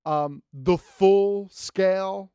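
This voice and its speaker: A man's voice: high-pitched, extremely slow, warm tone, clean tone, no room sound. A laid-back man co-hosting a casual podcast, trading jokes and banter with his partner. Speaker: podcast co-host.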